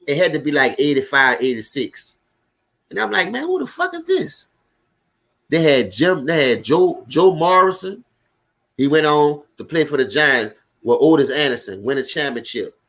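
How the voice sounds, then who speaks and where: A man with a New Orleans accent, hosting a casual live sports stream, talking loud and profane and chatting with his viewers as he reacts to the game. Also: fairly high pitch, lively intonation, moderate pace. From Louisiana.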